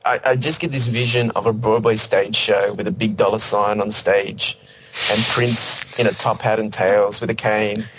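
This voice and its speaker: Man, low voice, relaxed music chat, faint background noise. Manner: relaxed, measured, many fillers. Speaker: podcast co-host. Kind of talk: casual music review chat.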